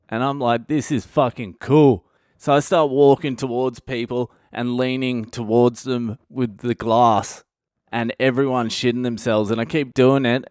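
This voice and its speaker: A man in his thirties tells a rowdy personal story, swearing freely and acting out the voices of his mates as he goes. His voice is smooth and clear, recorded close and dry with no room sound at all. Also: mid-range voice, no room sound. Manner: sweary, animated anecdote-telling. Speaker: comedian podcast host. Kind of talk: casual storytelling monologue.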